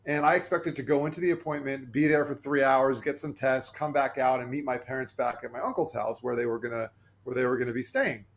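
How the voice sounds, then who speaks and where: A man's voice: mid-range voice, brisk. Earnest man telling a personal story. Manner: earnest and animated, acting out quoted voices. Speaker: podcast guest.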